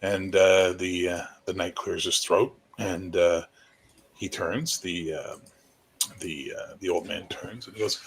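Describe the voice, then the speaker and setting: A man's voice: sits low, steady tone, slow. A man narrating as game master in a tabletop game, rambling casually with many fillers.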